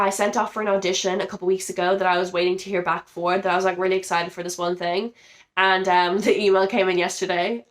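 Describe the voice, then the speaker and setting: A young woman with a slightly low voice talks to camera in a casual, confessional vlog. She sounds a little ill and worn down, and she rambles emotionally with lots of fillers. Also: a bit bright. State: feeling ill, under the weather. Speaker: vlogger.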